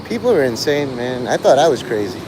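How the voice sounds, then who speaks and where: Crude, sardonic male streamer, lively voice. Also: mid-range voice, brisk, noisy background. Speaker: live streamer. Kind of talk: rambling live-stream chat.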